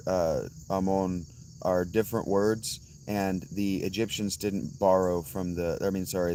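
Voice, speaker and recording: A hoarse man hosting a casual livestream, answering chat bluntly and calling out viewers by name. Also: sits low, darkish tone, slight background noise. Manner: blunt, swears, addresses chatters by name. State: hoarse, worn-out voice. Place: outdoors at night with insects.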